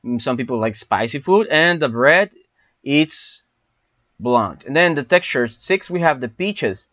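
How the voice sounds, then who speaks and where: Spanish-speaking man teaching English slowly. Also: medium pitch, lively intonation, a bit bright, no echo, lo-fi sound. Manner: explains and repeats phrases slowly, asking "no?". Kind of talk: online English lesson.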